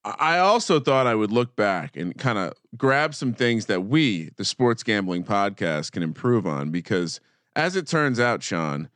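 A man co-hosts a sports betting podcast with a lively, bouncing delivery. He teases his partner in a playful, mock-serious tone. The sound is dry and close. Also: fairly low pitch, measured pace, no room sound. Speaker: podcast co-host.

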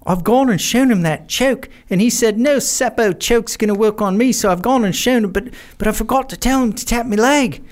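A man's voice: very high-pitched, pitched above the performer's own voice. A man voicing a nervous young surfer who worriedly confesses a mishap. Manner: worried, hurried pleading.

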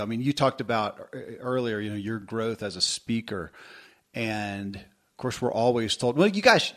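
A middle-aged man hosting a podcast, talking in a rambling, self-deprecating way with many restarts. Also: mid-range voice. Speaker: podcast host. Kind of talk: casual podcast conversation.

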